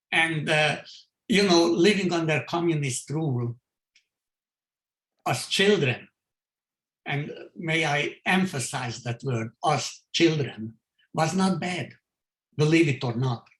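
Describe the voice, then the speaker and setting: An older man from Hungary giving his survivor testimony, speaking haltingly with many fillers and restarts. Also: fairly high pitch, fairly bright tone. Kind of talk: testimony in a video call talk. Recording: roomy echo.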